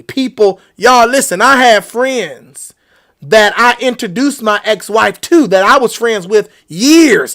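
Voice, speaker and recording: A man's voice: very high-pitched, lively intonation, takes it slowly, a bit bright. Earnest man sharing faith testimony. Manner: earnest storytelling, addresses listeners directly. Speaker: podcast host. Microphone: podcast mic.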